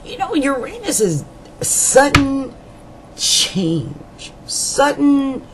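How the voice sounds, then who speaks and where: Lively, rambling woman astrologer. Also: lowish voice, a little slow, background noise. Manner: rambling, colloquial and chatty, with asides and jokes; repeats words for emphasis. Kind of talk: monthly horoscope reading to camera.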